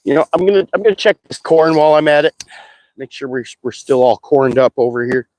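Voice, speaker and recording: Excitable male streamer, lively voice. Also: mid-range voice, a little fast, no room sound. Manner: excitable, chatty, whoops and squeals when thrilled. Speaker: live streamer. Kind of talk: casual live-stream chat while fishing.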